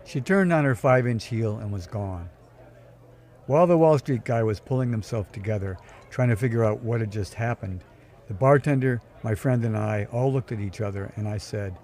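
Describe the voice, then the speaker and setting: A man's voice: lowish voice, normal speed, darkish tone. A man narrating a scripted first-person story in a dry, wry tone, recorded on a close mic. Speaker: storyteller, podcast host.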